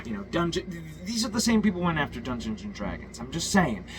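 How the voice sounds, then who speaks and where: A man's voice: on the high side, big pitch swings, fast talker, background noise. A man ranting a political monologue, profane and heated, full of stumbles and restarts. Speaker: political commentator.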